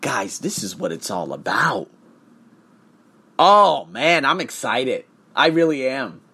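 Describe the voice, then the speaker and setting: A man's voice: mid-range voice, very animated, slow, pushed and bright, husky. A man coaching for English tests, talking in a casual vlog monologue, profane and emphatic as he tells his story.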